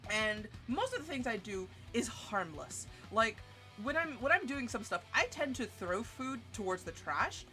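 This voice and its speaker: Woman streamer with a bright, forceful voice and a swearing storytelling rant, with quiet music underneath. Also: unhurried. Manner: profane, animated, jumps in pitch. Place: home streaming setup. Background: faint music.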